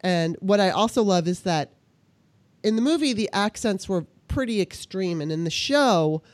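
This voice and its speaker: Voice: mid-range voice, expressive, moderate pace, dry recording. Enthusiastic rambling speaker, dry sound. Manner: enthusiastic, rambling, swears casually. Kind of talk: casual chat.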